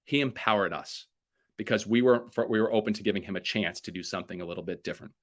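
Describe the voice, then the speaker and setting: A man giving a keynote talk, telling stories with energy and acting out what people said. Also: quick pace. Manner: energetic storyteller acting out quotes with big pitch jumps. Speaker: keynote speaker. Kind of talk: motivational storytelling keynote.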